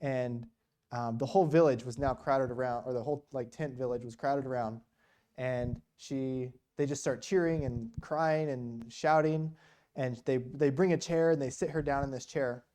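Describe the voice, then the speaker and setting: Preaching as a guest at a church, a man tells stories in a chatty, conversational sermon packed with rhetorical questions and "you know." His voice sits in the mid range, a little mellow, with fairly even intonation and a moderate pace.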